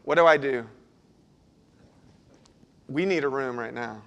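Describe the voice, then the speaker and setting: A man preaching a sermon as a pastor, telling a personal story and moving between hushed passages and loud, urgent ones. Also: mid-range voice, unhurried, gravelly, highs cut off.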